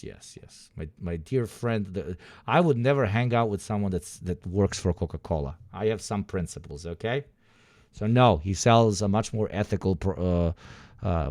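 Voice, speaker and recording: A man in his thirties giving casual, profane stream commentary, lecturing in a rambling way with lots of fillers and growing loud and emphatic when he rants. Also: sits low, dry recording.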